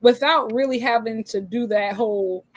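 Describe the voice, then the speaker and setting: A woman co-hosting a podcast, talking casually in an animated, slangy way. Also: a little high, moderate pace, dry recording, low-quality recording. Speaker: podcast co-host. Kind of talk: casual chat.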